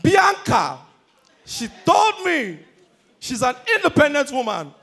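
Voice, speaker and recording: A Nigerian man performing stand-up, his voice sitting high and leaping around constantly as he tells his jokes. He is energetic and loud, and he shouts out his punchlines. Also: measured pace, gravelly. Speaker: stand-up comedian.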